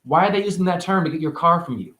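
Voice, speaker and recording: A man giving a rambling spiritual monologue, free-associating and preachy, jumping between high exclamations and low mutters. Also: expressive, fast, sharp tone, roomy sound. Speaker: spiritual teacher.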